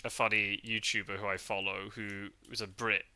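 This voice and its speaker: Podcast host from the UK, man, very bright, lowish voice, loose rambling chat. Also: little pitch movement, moderate pace, clear, resonant tone. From United Kingdom. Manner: chatty, rambling, full of fillers and restarts. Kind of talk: casual chat. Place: parked car.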